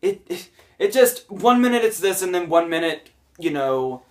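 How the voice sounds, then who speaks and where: A man's voice: sits high, lively intonation, moderate pace, a little mellow, recorded from a distance. A man hosting a casual movie review podcast, sarcastic and mocking scenes as he retells them.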